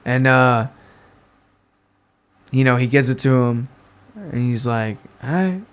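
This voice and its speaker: A man's voice: mid-range voice, slow, clear, resonant tone. A young man from the New York area, a podcast guest telling a story in casual talk, swearing and acting out the people in it. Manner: animated, swearing, acts out voices in his stories.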